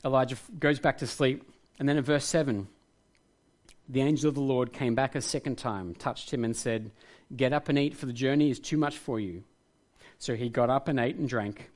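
A man's voice: mid-range voice, moderate pace, darkish tone. Earnest man preaching a sermon. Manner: earnest, reflective, rises to passionate emphasis. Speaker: pastor.

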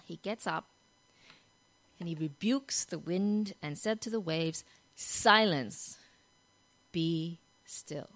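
A woman giving a devotional talk. She tells the story animatedly, often asks "right?", and moves from soft, hushed passages to loud, excited ones. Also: lowish voice, a little slow, long pauses, poor audio. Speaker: Christian devotional speaker.

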